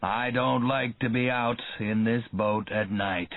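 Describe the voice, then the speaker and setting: Man playing a gruff, curt boat captain. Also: mid-range voice, fairly even intonation, no room sound. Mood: calm. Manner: curt, slow, matter-of-fact. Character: gruff seasoned male shark-boat captain. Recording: tinny phone-like dry sound.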